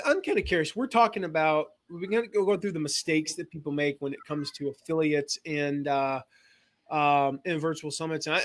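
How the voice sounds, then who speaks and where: Brief: male interview host, somewhat high voice, loose and chatty, laughs a lot. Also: fairly bright tone. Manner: chatty, laughs easily, asks rambling questions. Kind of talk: casual podcast interview.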